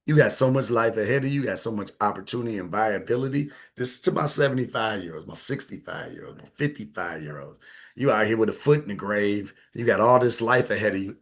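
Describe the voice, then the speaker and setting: A man talks to his audience in a lively, bouncing voice that climbs high and drops low. He is blunt and preachy, swears freely and laughs often, and keeps falling back to a hushed tone. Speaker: host. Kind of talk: casual live-stream talk.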